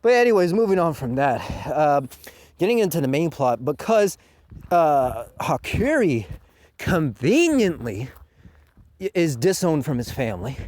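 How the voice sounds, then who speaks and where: A man giving a casual manga review, sarcastic and mocking with rough language. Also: fairly high pitch, sing-song, measured pace, a little mellow, no echo.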